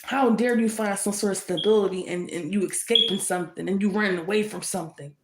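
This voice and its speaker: A woman's voice: medium pitch, fast talker, a little hiss or hum. A woman deals out a tarot reading in a fiery, confrontational rush, circling back on her points again and again. Her voice sits in an ordinary middle register. The sound carries a roomy echo. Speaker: tarot reader.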